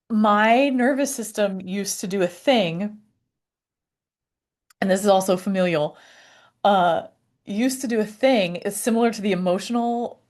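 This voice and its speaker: A woman talking to camera about her personal healing, halting and searching for words with many fillers and restarts. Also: mid-range voice. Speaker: vlogger. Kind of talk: reflective personal talk to camera.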